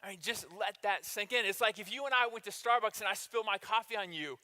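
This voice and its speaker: A man's voice: sits high, fast talker. A man preaching a sermon, joking with the congregation and acting out the people in the story. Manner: lively, jokey preacher who acts out the people in the story. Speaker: pastor. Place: church hall. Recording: long church-hall reverb.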